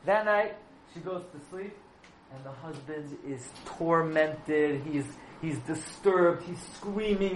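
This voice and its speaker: Male preacher, dramatic storyteller, slightly high voice, echoey room. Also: measured pace. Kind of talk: storytelling sermon. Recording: echoey room with faint background noise.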